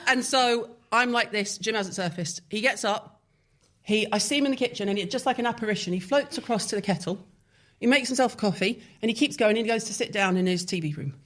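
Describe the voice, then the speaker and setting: A woman, hosting a podcast and telling stories in a lively, animated way that acts out other voices. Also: medium pitch, a little fast. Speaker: podcast host. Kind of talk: casual chat.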